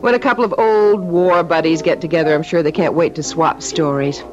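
An actress playing a sharp-tongued, sarcastic businessman's wife, in a dull old radio drama recording with music. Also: fairly low pitch, steady tone, fairly quick, natural voice. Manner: dry, needling, sarcastic.

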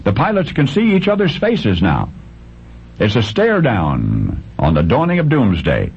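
A man telling a story in scripted radio narration, dramatic and deliberate, with long pauses and big swings up and down in pitch. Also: wildly swooping pitch, darkish tone, breathy edge. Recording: dull lo-fi radio recording.

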